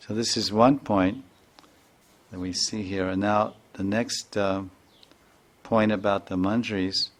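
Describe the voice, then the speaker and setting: A man's voice: on the low side, fairly bright tone. A man, a spiritual teacher, telling a devotional story in an earnest sermon with many repetitions.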